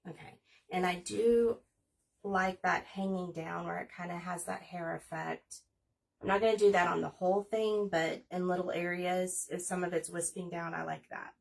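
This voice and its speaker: A woman's voice: on the low side, steady tone, normal speed, vocal fry, distant mic. A woman in her forties chatting casually and rambling as she hosts a crafting livestream. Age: 40s. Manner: chatty, rambling, talks while working.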